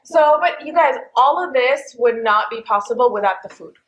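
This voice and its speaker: A woman's voice: on the high side, lively intonation, moderate pace, a bit bright, echoey room, low-quality recording. A woman hosting a casual chat show from a home dining table, playful and sarcastic, laughing often. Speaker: host.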